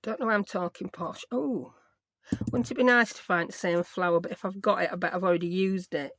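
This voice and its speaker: At her desk, a craft vlogger from Yorkshire gives a casual tutorial, teasing herself and scattering in dialect terms. She speaks fairly quickly in a low, fairly bright voice with fairly even intonation, and there's no echo.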